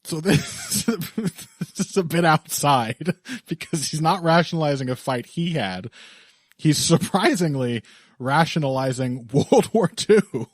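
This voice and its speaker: A man's voice: on the high side, dry recording, clean studio sound. A man hosting a podcast in casual chat, laughing often and rambling with restarts. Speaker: podcast host.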